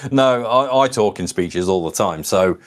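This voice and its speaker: A co-founder and host, this man talks with a fairly low pitch, lively intonation, and a measured pace. He chats casually on a livestream, rambling in a warm-hearted way and saying "you know" a lot.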